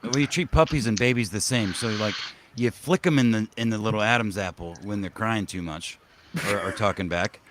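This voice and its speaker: A man's voice: on the low side, brisk, a bit bright, slight background noise. A man co-hosting a podcast, rambling through absurd bits with frequent restarts and "hold on". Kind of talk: crude comedic banter.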